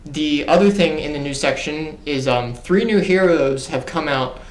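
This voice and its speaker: A man's voice: a little high, normal speed. A man co-hosting a fan podcast, casually recapping details with frequent ums. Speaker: podcast co-host. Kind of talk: casual chat. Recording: roomy echo.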